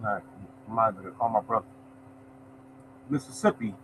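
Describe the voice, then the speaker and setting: A man with a lowish voice hosts a lottery show, reading out results and greeting viewers by name in a relaxed, live-stream chat. He talks at a normal speed over a noisy background.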